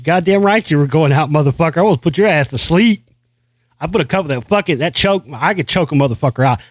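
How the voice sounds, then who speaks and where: A man's voice: a little high, a bit bright, no echo, studio quality. A man hosting his own show, delivering a brash, boastful, profane rant full of repeated phrases. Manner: brash, boastful, heavy swearing, repeats himself. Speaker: show host. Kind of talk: profane ranting monologue.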